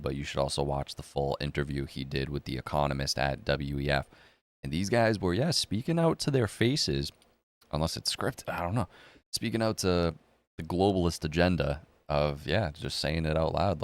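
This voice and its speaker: A man's voice: a bass voice, no echo. A man hosting a casual crypto and economy commentary video, talking bluntly with plenty of swearing. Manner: blunt, profane, rambling.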